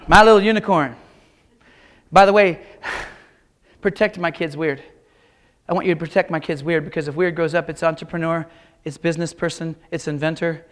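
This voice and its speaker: A middle-aged man from Kansas giving a keynote talk, telling folksy jokes and speaking straight to the audience. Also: high voice. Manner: folksy, joking, audience-addressing. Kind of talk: motivational keynote storytelling. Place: large auditorium.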